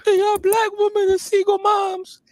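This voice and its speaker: Caller doing a taunting immigrant man, very high squeaky voice, flat sing-song. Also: dry recording. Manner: taunting, teasing, drawn-out words. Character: boastful mocking African immigrant man.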